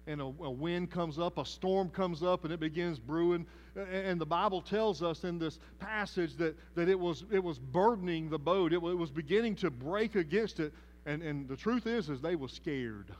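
A man with a Southern American accent preaching a sermon as pastor, telling the story in a folksy, animated way. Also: fairly high pitch. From Southern United States.

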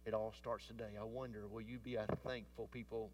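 A man preaching a sermon, rising to emphatic declarations and then dropping to hushed tones. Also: fairly low pitch, level tone, moderate pace, recorded from a distance, a little hiss or hum.

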